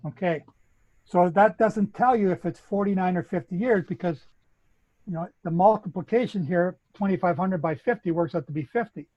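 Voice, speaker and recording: A man's voice: high-pitched, moderate pace, darkish tone, lo-fi sound. A man with a Canadian accent, methodically explaining a bible chronology as a guest speaker. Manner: methodical, lecturing.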